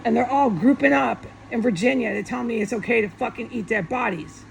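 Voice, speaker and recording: A woman delivers a heated solo rant, swearing often and circling back over the same points. Her voice sits a little high and carries a gravelly, fried texture. She talks straight at her viewers. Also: fairly quick, slight background noise, rough recording. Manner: profane, agitated, repetitive. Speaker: vlogger. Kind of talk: angry monologue rant. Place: alone at home.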